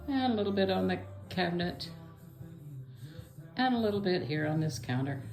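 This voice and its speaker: A woman's voice: lowish voice, gravelly, a little mellow. An older woman from Kentucky with an Appalachian Southern accent, chatting casually and a bit out of breath as she walks her yard and cooks in her kitchen. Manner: homey, rambling, talks while walking and cooking. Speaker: home vlogger. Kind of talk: casual chat. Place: yard, then home kitchen.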